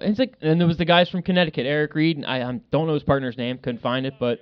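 A man on a podcast telling a fishing story in casual talk, loud and swearing. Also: fairly high pitch, fairly even intonation, fast. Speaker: podcast co-host. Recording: dull lo-fi sound.

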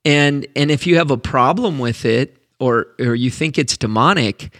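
A man, a pastor, telling a story about faith in an earnest, animated way, often repeating words as he builds up to a point. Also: medium pitch, normal speed, no echo, clean studio sound.

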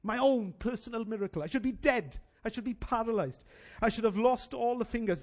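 A man preaching a sermon as pastor, animated and emphatic, telling personal anecdotes. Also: very high-pitched, a little fast.

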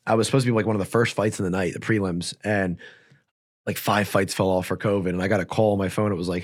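A man's voice: on the low side, steady tone. A man chatting casually as an interview guest, telling rambling stories full of fillers. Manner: fast, rambling storytelling with many fillers. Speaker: guest fighter. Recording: audio-only podcast.

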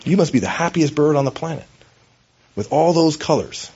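A man's voice: a little high, lively intonation, moderate pace, mellow, breathy edge, dull audio, pitched above the performer's own voice. A man voicing an envious black crow who eagerly admires other birds while telling a sermon story. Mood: awed.

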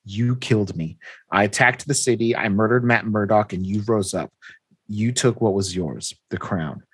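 A cold, imposing male crime boss, as a man puts him on in a comic recap, speaking low and measured. The voice is deep, slightly husky and very dry, with nothing of the room around it. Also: a bit bright, no echo. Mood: grave.

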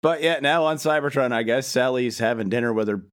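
A man's voice: mid-range voice, a little fast, a bit bright. A man chatting on a podcast as co-host, summarizing the story beat by beat. His delivery is dry, with sarcastic jabs at the plot. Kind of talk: casual recap chat.

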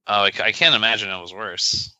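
A man's voice: fairly low pitch, a little fast, pushed and bright, clear, resonant tone, no room sound. A man co-hosting a podcast, talking in a casual, joking and sarcastic way, rambling with many fillers. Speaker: podcast co-host. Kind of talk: casual chat. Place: podcast recording session.

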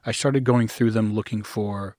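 A middle-aged man in an interview, telling his own story in a halting way, often restarting, sometimes acting out the voices he quotes. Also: fairly low pitch, fairly even intonation, a little mellow, dry recording. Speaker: guest.

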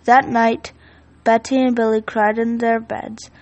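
A woman reads a children's picture book aloud. Her voice sits fairly high and carries some gravelly fry. Her delivery is steady and expressive, like a storyteller at bedtime. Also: measured pace, low-quality recording.

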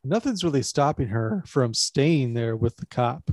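A man's voice: mid-range voice, lively intonation, a little slow, darkish tone, no echo. Wry, chuckling male podcast co-host. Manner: wry and joking, recaps the plot, chuckles often. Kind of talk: casual movie breakdown chat.

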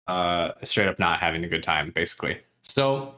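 A man with a fairly low voice talks casually on his podcast, recapping a novel for a friend. He laughs often and slips into quick impressions of the characters as he retells their conversations. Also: lively intonation, bright, forceful tone. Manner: chatty, laughs often, acts out characters' lines. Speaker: podcast co-host. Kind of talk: casual book recap chat.

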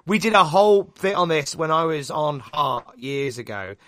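A man co-hosting a podcast, once a radio presenter, chatting in an animated, mocking way. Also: fairly high pitch, normal speed. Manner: animated, mocking, prone to silly voices. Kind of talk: casual chat.

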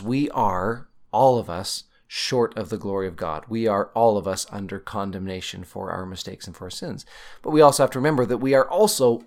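A man's voice: medium pitch, a little mellow. Emphatic man teaching scripture. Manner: emphatic, teacherly, stresses key words. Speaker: podcast host teaching scripture. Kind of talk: conversational scripture discussion.

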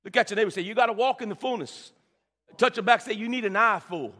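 Quick-paced and high-pitched with a sharp tone, a male pastor delivers his sermon, calling to the congregation for responses. As he builds, his words stammer into frequent repeats, echoing through the reverberant church hall.

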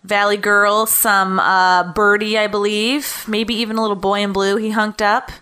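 A woman's voice: medium pitch, little pitch movement, moderate pace, pushed and bright, smooth. A woman co-hosting a movie podcast, recapping a plot and chatting playfully, laughing often. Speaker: podcast co-host. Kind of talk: casual movie-review chat and plot recap.

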